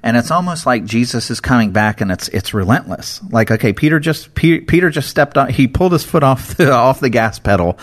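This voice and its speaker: A man's voice: mid-range voice, animated, brisk, few pauses. A man co-hosting a casual Bible discussion, explaining scripture in an earnest, emphatic way.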